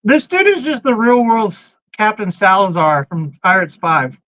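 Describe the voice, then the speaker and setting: A man with a high, sharp, bright voice hosts a loose podcast chat, blunt and quick to swear as he hops from one topic to the next. The recording is dull and lo-fi, with a dry sound and no room echo. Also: very animated. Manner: blunt, swears freely, jumps between topics. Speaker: podcast host. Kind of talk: casual chat, reading out chat comments.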